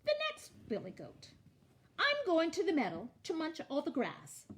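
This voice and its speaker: A woman doing a high bleating middle goat. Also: huge pitch swings, normal speed, a bit bright, exaggerated voice. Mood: cheeky bleating. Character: middle-sized cheeky billy goat.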